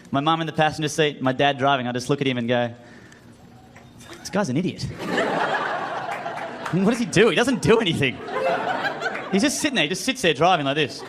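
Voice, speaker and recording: An Australian man doing a stand-up comedy set on a club stage, self-mocking and acting out the voices in his stories. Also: fairly high pitch. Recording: live club audience and room noise.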